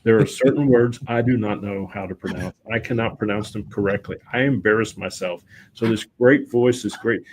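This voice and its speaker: A middle-aged man, a guest on a talk show, telling lively anecdotes in a relaxed conversational way and often quoting himself. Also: on the low side, normal speed, slight background noise. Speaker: guest, voice-over and public speaking teacher. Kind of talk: casual conversational storytelling.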